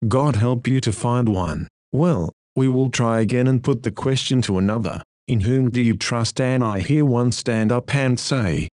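A man reading a sermon in a solemn, earnest, measured way. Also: mid-range voice, darkish tone, no echo, studio quality. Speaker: preacher. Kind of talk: read sermon.

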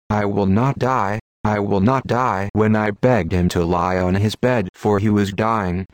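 Solemn low-voiced man preaching. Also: a little mellow, no echo. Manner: solemn, declamatory. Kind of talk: Victorian sermon reading.

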